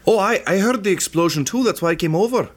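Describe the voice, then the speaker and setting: A man voicing a jittery, evasive female gnome who may be a ghost, speaking high and eager. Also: animated, fast.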